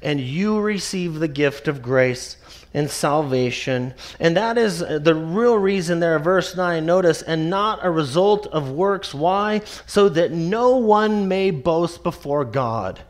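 A man preaching an expository sermon, emphatic and repetitive, slowing down to stress the scripture he quotes. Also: on the high side, expressive. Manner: emphatic, repeats key phrases, slows to stress scripture.

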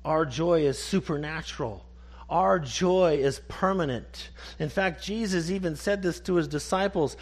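A man preaching a sermon in an emphatic way, asking rhetorical questions and then dropping to soft, short one-word answers. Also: on the high side, measured pace.

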